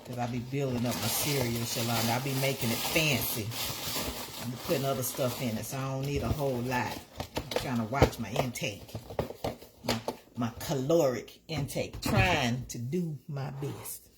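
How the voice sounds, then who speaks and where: A woman's voice: extremely low pitch, normal speed, very noisy. A woman, hosting a casual live stream and chatting to viewers in a repetitive, easygoing way. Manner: chatty, repeats herself, talks to viewers by name.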